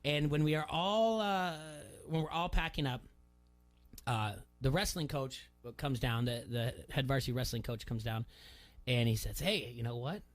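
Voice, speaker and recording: A man's voice: mid-range voice, normal speed, soft background music. Storytelling male radio host. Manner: storytelling, animated when quoting. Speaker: radio sports talk host. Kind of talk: casual chat.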